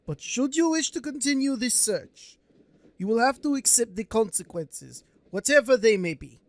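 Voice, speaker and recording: A man's voice: extremely high pitch, sing-song, dry recording, pitched above the performer's own voice, heavily acted. A man voicing a solemn middle-aged male psychiatrist with a put-on German accent that slips toward Russian. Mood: grave. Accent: put-on German, drifting toward Russian. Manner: slow, earnest, formal warnings.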